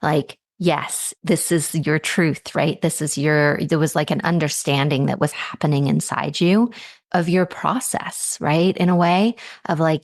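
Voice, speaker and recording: A woman's voice: low-pitched, vocal fry, no echo, studio quality. A woman hosting a coaching conversation, talking in an affirming, easygoing way. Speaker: host, intuitive coach.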